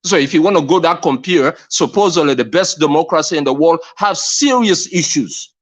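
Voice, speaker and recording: A man from Sierra Leone with a Sierra Leonean accent, speaking earnestly and emphatically as a caller in a live discussion, repeating phrases and pausing on fillers. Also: on the high side, animated. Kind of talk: impassioned call-in discussion.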